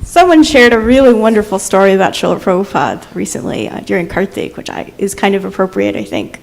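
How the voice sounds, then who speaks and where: A woman in the audience telling a story in a lively way. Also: mid-range voice, fast talker, creaky, rough recording. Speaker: audience member sharing a story.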